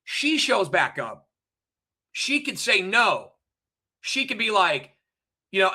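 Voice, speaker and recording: A man's voice: high-pitched, big pitch swings, slow pace, long pauses, sharp tone. A man hosting a livestream, ranting angrily to his chat, profane and repetitive, and pressing listeners with rhetorical questions. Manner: heated, profane, repetitive, addresses chat directly. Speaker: livestream host. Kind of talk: angry ranting livestream monologue.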